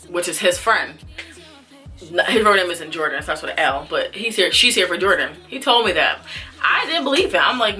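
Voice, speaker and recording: Animated young woman telling a storytime. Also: mid-range voice, brisk, soft background music. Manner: animated, acts out dialogue, frequent fillers. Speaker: vlogger. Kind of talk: casual storytime. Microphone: camera mic.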